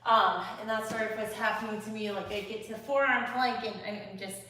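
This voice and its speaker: A woman's voice: mid-range voice, steady tone, a little fast, pushed and bright. A woman doing yoga with a teacher, chatting casually and joking about how hard the poses feel. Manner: self-deprecating, laughs at her own struggle. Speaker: yoga student. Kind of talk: casual chat during a workout. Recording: echoey room from far off with faint noise.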